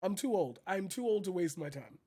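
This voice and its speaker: A man's voice: high-pitched, sing-song, fairly quick, dark tone, husky, no echo, studio quality. A man ranting heatedly in a political vlog, profane and emphatic, repeating his phrases for force. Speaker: channel host.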